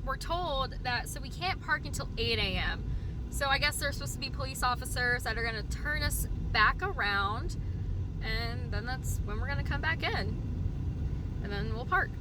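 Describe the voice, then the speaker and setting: A woman's voice: sits high, lively intonation, moderate pace, heavy background noise. A young woman vlogging her day at a theme park, gushing and giddy as she narrates. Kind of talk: excited theme park vlog.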